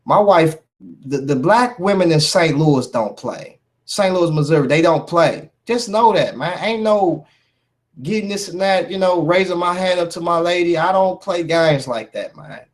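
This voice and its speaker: A man's voice: a little high, animated, normal speed. A man calling out a rival in a heated vlog rant, emphatic and confrontational, with "man" and "bruh" as constant fillers. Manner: confrontational, addresses a rival directly. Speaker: YouTube commentator. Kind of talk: heated call-out rant to camera.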